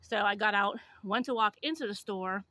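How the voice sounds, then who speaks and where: Woman vlogger, chatty storytelling to camera, crisp bright tone, mid pitch. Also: moderate pace, no room sound. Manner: chatty, animated retelling with lots of fillers. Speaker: YouTuber.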